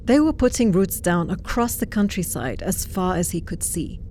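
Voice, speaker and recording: A woman narrating a storybook tale in a steady, lightly wry way. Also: fairly low pitch, normal speed, a little hiss or hum.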